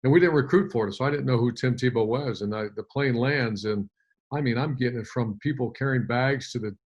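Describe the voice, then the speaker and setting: A man's voice: mid-range voice, a little fast, dull audio. A man in his fifties, a former head coach, telling a long story in an interview with many fillers and restarts.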